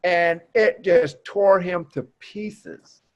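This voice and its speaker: A man who once played pro baseball, telling playful stories in a relaxed way. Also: high-pitched, drawn-out words, highs cut off. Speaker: retired baseball player guest. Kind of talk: casual storytelling chat.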